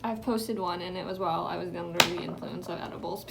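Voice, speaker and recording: A young woman's fairly low, creaky voice moves briskly as she vlogs from home while doing her makeup. She rambles with plenty of fillers and sometimes drops into a whisper.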